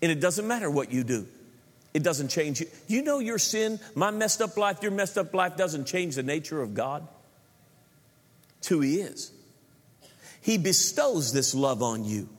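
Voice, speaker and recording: A man's voice: a little high, big pitch swings, a little slow, pauses often. A middle-aged male preacher giving a joking sermon, often repeating words as he builds his points to a congregation. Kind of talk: sermon with humor. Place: large church hall. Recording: long hall reverb.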